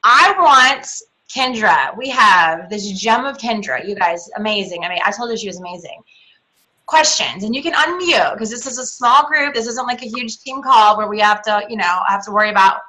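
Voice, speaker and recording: A woman's voice: a little high, lively intonation, moderate pace, pushed and bright, poor audio. A middle-aged woman hosting a team call, chatty and emotional, rambling through a story. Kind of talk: casual team call chat.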